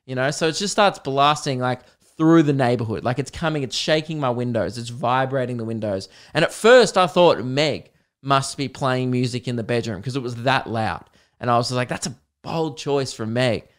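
A man's voice: mid-range voice, moderate pace. A man with an Australian accent hosting a casual solo podcast, rambling and swearing as he tells a story. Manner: rambling, swears, sings song snippets. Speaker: podcast host.

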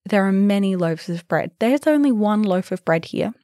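A woman's voice: medium pitch, expressive, normal speed, mellow, no echo, clean studio sound, natural voice. An Australian woman voicing a fussy, demanding guest who complains bluntly and insistently.

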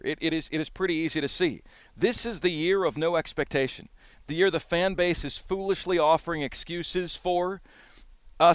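A man's voice: on the high side, a bit bright, clear, resonant tone, no room sound. A man hosting a sports talk radio show, delivering an emphatic monologue and repeating his points for emphasis.

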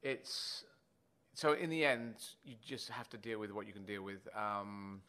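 Bright-voiced animated man. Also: on the low side, measured pace. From Britain. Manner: animated storyteller, rambling with restarts and playful language switches. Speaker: guest. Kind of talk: conversational interview.

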